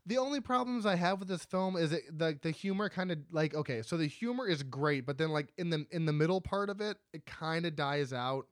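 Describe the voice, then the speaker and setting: A man co-hosting a casual film chat, excitable and swearing a lot as he talks. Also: on the high side, a little fast, hardly any pauses, dry recording, clean studio sound. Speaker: podcast co-host.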